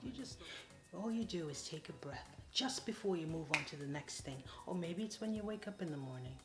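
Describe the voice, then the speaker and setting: A woman's voice: lowish voice, lively intonation, fairly quick. Playful coaxing woman in an echoey room. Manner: coaxing and playful, calls viewers darlings and honey. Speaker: motivational vlogger. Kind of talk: direct-to-camera motivational talk. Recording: echoey room with faint music.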